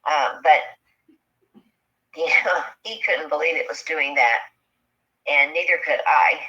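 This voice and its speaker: A woman telling a personal encounter story in a halting, earnest way, full of fillers, on a dull lo-fi recording. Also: deep voice, sharp tone. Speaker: eyewitness sharing an encounter.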